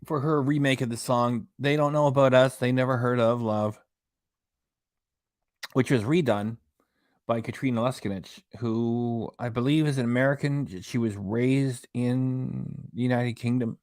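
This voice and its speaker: This livestream host's mid-range voice is steady and darkish, and he speaks a little slowly. He rambles casually, reading out viewer comments and web pages, with clean studio sound and no room echo.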